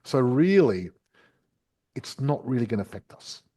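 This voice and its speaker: A man's voice: medium pitch, very animated, moderate pace, mellow. A man hosting a property podcast, explaining investing step by step in a chatty, casual way. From Australia.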